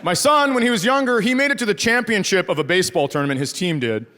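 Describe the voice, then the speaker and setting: A man doing stand-up comedy, telling stories in an animated way and acting out the people in them, from northern Minnesota. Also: sits high, quick pace. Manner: animated storytelling, acting out other people's voices. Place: theater stage before a laughing crowd. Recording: live stage mic with audience noise.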